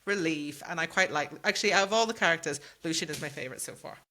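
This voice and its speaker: Woman co-host, bright, low-set voice, blunt, mimics characters. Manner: blunt, acts out characters in quick quotes. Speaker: podcast co-host. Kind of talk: casual book-club chat.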